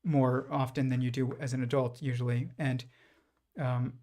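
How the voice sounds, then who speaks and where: A man's voice: medium pitch, level tone, normal speed, warm tone. A man hosting a livestream and talking through his ideas in a rambling, reflective way, full of fillers and restarts. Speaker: livestream host. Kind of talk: casual livestream monologue.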